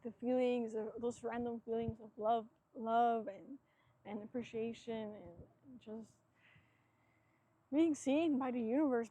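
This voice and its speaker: A woman's voice: fairly high pitch, dark tone, no echo. A woman hosting a solo podcast, talking in a rambling, reflective way and filling her sentences with "like". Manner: rambling, reflective, heavy use of "like"; earnest, self-searching. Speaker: podcast host. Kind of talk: casual solo podcast talk.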